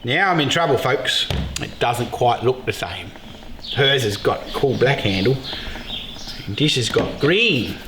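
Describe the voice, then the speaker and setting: A middle-aged man hosting a casual beekeeping vlog, joking excitedly and swearing freely. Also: mid-range voice, measured pace. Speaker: beekeeper and show host. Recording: echoey room with loud background noise.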